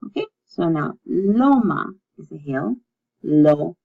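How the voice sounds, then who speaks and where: A woman leads a recorded language lesson, taking her time and repeating each word so learners can follow along. Her voice has a gravelly, fry-tinged texture and an unhurried pace. The recording sounds dull and lo-fi. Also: fairly low pitch, animated. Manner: slow, patient, repeats words for practice. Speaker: Spanish teacher.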